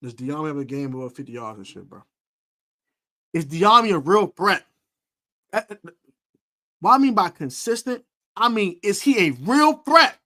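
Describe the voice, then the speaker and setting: A man hosting a football preview, trash-talking rival fans in a boastful, animated way and repeating his taunts. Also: high voice, normal speed, pauses often. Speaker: sports podcast host.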